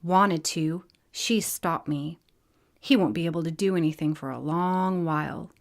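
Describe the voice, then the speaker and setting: A woman's voice: low voice, a little slow. A woman voicing a proud, angry winged male spirit warrior who speaks in terse commands in a storybook reading. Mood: commanding.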